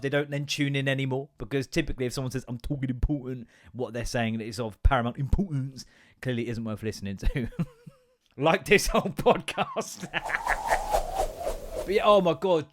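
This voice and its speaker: A man's voice: a little high, a bit bright. A young man hosting a solo podcast, rambling and self-deprecating, swearing freely. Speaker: podcast host. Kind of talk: casual solo podcast chat.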